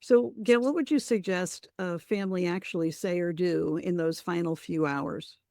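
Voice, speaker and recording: A woman hosting a podcast who asks warm, encouraging questions. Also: on the low side, normal speed, no echo, clean studio sound. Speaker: podcast host. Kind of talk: interview conversation.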